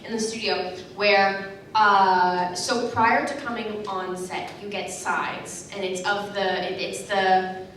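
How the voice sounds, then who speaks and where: A woman's voice: mid-range voice, steady tone, a bit bright. A young adult woman, an actress on a convention panel, telling chatty stories in a bubbly way. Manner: bubbly, chatty, quick anecdotes. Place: large convention hall. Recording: echoey hall, distant mic, background noise.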